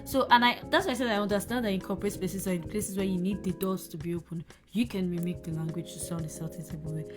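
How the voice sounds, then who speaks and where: A young woman co-hosting a podcast, telling animated stories and acting out conversations. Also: medium pitch, quick pace, over music. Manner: animated anecdotes, acts out dialogue. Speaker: podcast co-host. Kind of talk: casual chat, storytelling.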